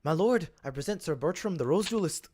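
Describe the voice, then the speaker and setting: A man's voice: a little high, animated, a little fast, darkish tone, slight background noise, close to an everyday voice. A man doing a Scottish-accented courtier. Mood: ceremonious. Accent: Scottish (put on). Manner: formal, announcing. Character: loyal male courtier with a put-on Scottish brogue.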